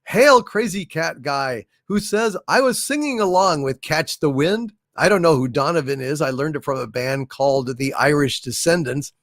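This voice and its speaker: Stream host, male, gravelly and unhurried, slightly higher voice, dry close sound, reads and hails viewers. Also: lively intonation, a bit bright, no room sound. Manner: hails and thanks viewers by name, drawn-out unhurried delivery. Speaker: livestream host. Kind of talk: casual livestream chat, reading viewer messages.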